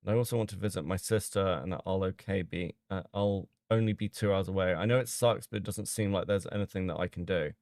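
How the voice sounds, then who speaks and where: A man streaming casually as he reads out chat logs and reacts with sudden loud disbelief and swearing. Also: low-pitched, fast talker, few pauses, no echo, studio quality.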